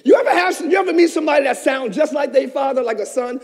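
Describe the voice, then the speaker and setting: A man with a strikingly high voice preaches a fervent sermon, rising to shouts and dropping to near whispers. His words ring out with a long echo through a church hall. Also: animated, quick pace. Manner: passionate preaching, swinging between shouted peaks and hushed asides. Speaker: pastor.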